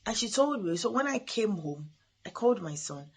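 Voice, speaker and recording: A woman's voice: medium pitch, big pitch swings, moderate pace, husky. A middle-aged woman hosting a parenting talk, giving earnest advice with frequent restarts. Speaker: parenting podcast host. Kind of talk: motivational talk.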